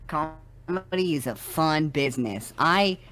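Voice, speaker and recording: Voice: mid-range voice, expressive, takes it slowly, a bit bright, slight background noise. A podcast co-host chatting casually and dropping short, dry wisecracks. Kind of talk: casual chat.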